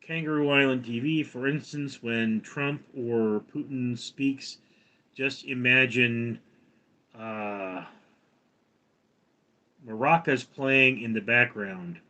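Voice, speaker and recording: A man hosting a casual livestream, rambling with halting restarts. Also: mid-range voice, bright, forceful tone. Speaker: livestream host.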